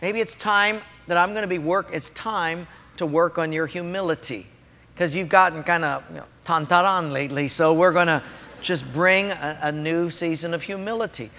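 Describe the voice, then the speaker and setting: A man voicing God as a calm male voice that asks quiet, searching questions. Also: fairly high pitch, moderate pace, pitched below the performer's own voice. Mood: gentle. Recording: long hall reverb.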